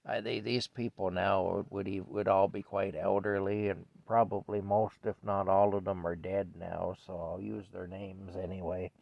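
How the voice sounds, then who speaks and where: Older man, gravelly voice, rambling storyteller. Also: sits low, little pitch movement, normal speed, few pauses, dry recording. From Canada. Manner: rambling, chuckling, self-interrupting. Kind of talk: casual storytelling vlog. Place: indoors at home with a cat. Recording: dry, dull lo-fi mic.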